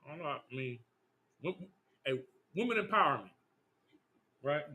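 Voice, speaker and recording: A man leading a scripture class, teaching with streetwise banter and rapid rhetorical questions. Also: on the high side, lively intonation, pushed and bright.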